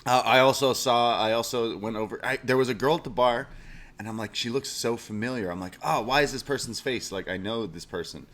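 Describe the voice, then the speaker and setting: A man's voice: medium pitch, fairly quick, a bit bright. A man co-hosting a podcast, telling rambling stories in a casual chat, swearing and laughing as he goes. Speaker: podcast co-host.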